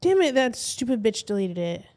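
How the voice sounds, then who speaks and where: A woman's voice: a little high, big pitch swings, normal speed, darkish tone. Blunt, sarcastic woman podcast co-host. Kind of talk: casual podcast chat.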